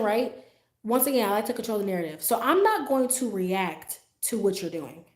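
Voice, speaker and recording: A woman hosting a livestream, telling a story in a casual, profane, animated way, with frequent asides to her viewers. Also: a little high. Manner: animated, profane, acts out her own reactions. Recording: roomy echo.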